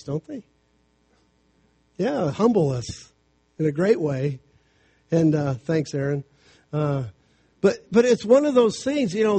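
Middle-aged man preaching, mellow voice. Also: on the high side. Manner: conversational, storytelling preaching with quick asides. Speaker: preacher and family counselor. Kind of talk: sermon.

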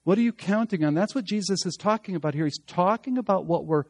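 A man preaching a sermon as pastor, swinging from emphatic loud passages to hushed, slow lines. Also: high-pitched, no room sound.

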